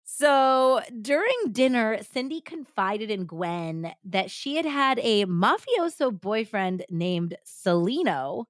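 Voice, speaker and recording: A woman's voice: mid-range voice, no echo, studio quality. A young woman hosting a podcast, telling a story casually with lots of "like.". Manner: chatty, frequent "like" fillers. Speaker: podcast host.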